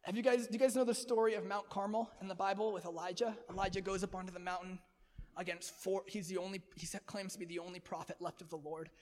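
High, lively man preaching in a hall. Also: fast talker. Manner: energetic, laughing, conversational. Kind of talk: sermon.

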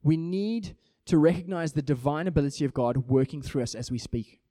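A man preaching a sermon in an animated way, acting out small everyday scenes to make his points. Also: fairly high pitch, brisk, no echo, studio quality.

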